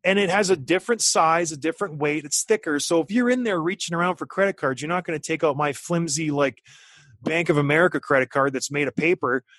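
A man in his thirties telling a story in casual chat, animated and acting out what people said. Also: fairly high pitch, quick pace, dry recording. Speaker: podcast guest, former hockey player.

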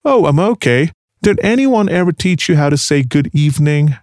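A man's voice: a little high, expressive, moderate pace, a little mellow, dry recording, studio quality, voice pushed up, natural voice. A male narrator putting on a raised voice for a smarmy, taunting teenage girl who bullies others. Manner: smarmy, mocking.

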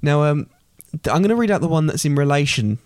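A man's voice: fairly high pitch, big pitch swings, fast, no echo. A young man co-hosting a casual podcast with his father, full of dry teasing banter. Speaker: podcast co-host, the son. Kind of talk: casual chat.

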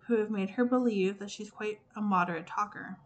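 Casting: a testy, starving young prince, read by a woman, pitched a little lower, quiet and clipped. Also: a little fast, natural voice. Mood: grumbling. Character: hungry, impatient young prince, vain about himself.

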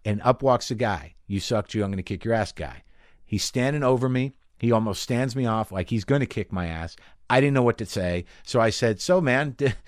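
A man performing a stand-up comedy routine, talking with animated swings and profanity and acting out the voices of people in his stories. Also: mid-range voice, no echo, studio quality. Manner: animated, swearing, acts out voices in bits.

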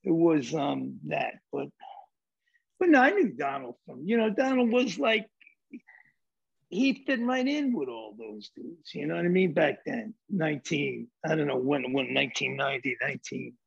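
A New York man with a gravelly, husky voice and a slightly high pitch, rambling through profane anecdotes with street swagger. He talks casually as a film director guest. The recording sounds dull and lo-fi. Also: lively intonation, moderate pace. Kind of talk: casual storytelling.

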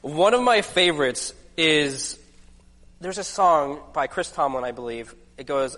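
A man's voice: on the high side, normal speed, sharp tone, in a large hall. A man preaching a casual, chatty sermon, telling stories with lots of asides. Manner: chatty, self-deprecating storyteller with lots of asides.

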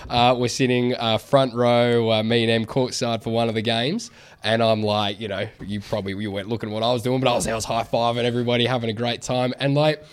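A man hosting a podcast, telling stories in a lively way and acting out the people in them. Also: mid-range voice, fast, clear, resonant tone. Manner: animated storyteller, acts out voices. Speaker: podcast host. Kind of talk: casual chat.

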